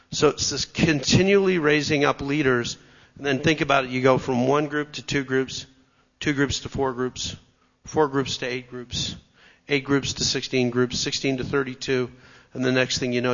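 A man's voice: mid-range voice, a bit bright, in a large hall, lo-fi sound. Methodical male church teacher. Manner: explanatory, methodical, clears throat. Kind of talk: teaching talk.

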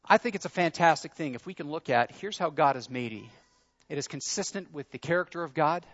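A man's voice: on the high side, lively intonation, fairly quick, a bit bright, dull audio. A man preaching a sermon in an earnest, conversational way, leaning into his questions. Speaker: pastor.

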